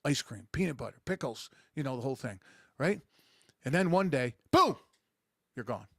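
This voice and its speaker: A man's voice: mid-range voice, animated, normal speed, sharp tone, no echo, studio quality. A middle-aged man hosting a podcast, talking in a crude, sarcastic, rambling monologue. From rural United States. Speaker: podcast host. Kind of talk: casual monologue.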